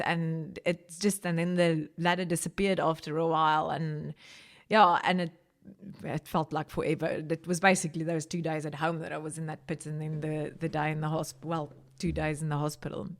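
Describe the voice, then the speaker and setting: Low-voiced woman sharing a personal testimony. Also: little pitch movement, normal speed. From South Africa. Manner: emotional, rising pitch when recounting prayer. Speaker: podcast guest.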